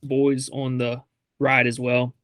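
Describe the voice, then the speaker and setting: A man's voice: medium pitch, monotone, slow, fairly bright tone, no echo. Easygoing, chuckling man co-host. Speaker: podcast co-host. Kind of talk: casual chat.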